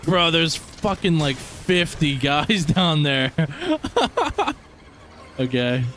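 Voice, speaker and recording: Young male streamer, casual gameplay commentary, excitable and foul-mouthed, slow delivery, animated pitch. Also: a little hiss or hum. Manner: excitable, swears a lot, talks to viewers. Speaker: gaming streamer.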